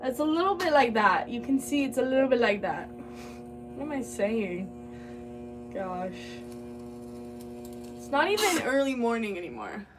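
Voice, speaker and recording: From a pottery studio, a young woman chats casually with her live-stream audience while she works, rambling and laughing readily. Her voice is on the high side with a sing-song quality. A distant mic picks her up along with background noise.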